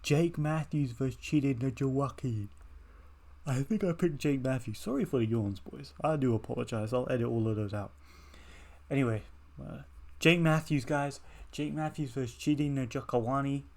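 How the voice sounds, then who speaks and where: A man's voice: mid-range voice, normal speed, a little mellow. A young man hosting an MMA reaction channel, giving a casual, rambling fight breakdown with heavy swearing.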